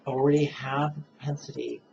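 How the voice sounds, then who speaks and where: Gravelly-voiced playful meditation teacher. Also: male voice, medium pitch, little pitch movement, a little mellow, slight background noise. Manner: playful, chuckles at his own jokes; guides listeners slowly through breathing steps. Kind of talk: relaxed dharma talk to camera. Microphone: camera mic, self-filmed. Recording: dull, muffled camera audio.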